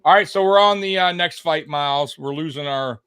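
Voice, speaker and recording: This man co-hosts a podcast, rambling through laid-back live fight commentary with frequent laughter and repetition. His fairly high voice is pushed, bright, clear and resonant at a moderate pace, captured in a dry, clean studio recording.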